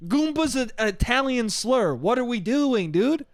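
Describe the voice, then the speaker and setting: A man with a high, bouncy voice hosts a solo podcast, rambling and swearing as he goes. He tacks "dude" onto almost every thought. The close studio mic leaves the sound dry and intimate. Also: very animated, unhurried, dry recording. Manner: rambling, profane, keeps saying "dude". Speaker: podcast host. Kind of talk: casual solo podcast monologue.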